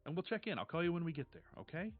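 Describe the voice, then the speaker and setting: Man putting on a high, pushy mother. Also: expressive, dull audio, faint music behind. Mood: insistent. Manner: rushed, pushy, swearing. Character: frazzled woman, mother leaving with kids.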